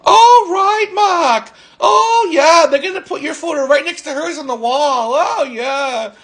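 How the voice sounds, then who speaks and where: A man imitating a fussy male coworker with a high-pitched, exasperated voice. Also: a little fast, sharp tone. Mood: teasing. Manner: head-shaking, grumbling exclamations.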